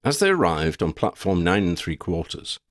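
Expressive male storybook narrator, low and animated, dry close sound. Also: moderate pace, no room sound. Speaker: audiobook narrator.

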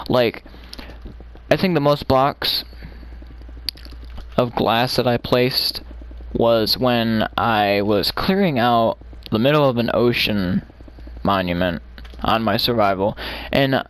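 A man's voice: mid-range voice, slow pace, pauses often, smooth. A man hosting his own gaming channel, giving casual commentary as he builds, rambling and talking to himself with frequent chuckles. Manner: chuckles often.

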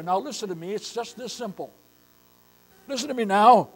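A man's voice: high-pitched, expressive, moderate pace, low-quality recording. An older man preaching a sermon as pastor, emphatic and repeatedly calling his listeners beloved.

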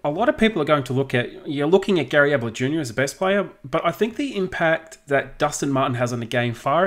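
A man's voice: on the high side, fairly bright tone. Easygoing Australian man co-hosting a podcast. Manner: easygoing, laughs often, reads listener questions. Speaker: podcast co-host. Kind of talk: casual podcast chat.

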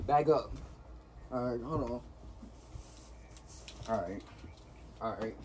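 A man's voice: mid-range voice, slow, a little mellow, a little hiss or hum. A young man playing a prank on his uncle, teasing and taunting playfully. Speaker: prankster, nephew. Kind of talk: prank video banter.

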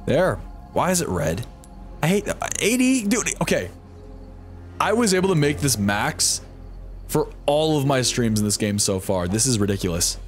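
A man's voice: medium pitch, sing-song, normal speed, faint music behind. A young man streaming a game live from home, talking to his chat in a flustered, swearing way. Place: home room with computer.

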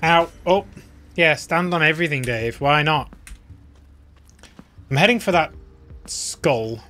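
A man's voice: on the high side, expressive, takes it slowly, sharp tone, soft background music. A man giving casual gameplay commentary, chatty and self-mocking, talking straight to his viewers. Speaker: let's play host.

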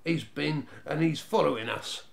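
A man's voice: fairly high pitch, moderate pace, gravelly. A man reading a storybook aloud and voicing a sly middle boy who speaks in accusing slang. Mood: suspicious.

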